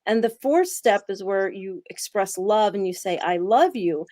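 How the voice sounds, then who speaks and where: A woman co-hosting a wellness talk, explaining steps in a slow, deliberate way. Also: medium pitch, lively intonation, darkish tone, no echo, studio quality.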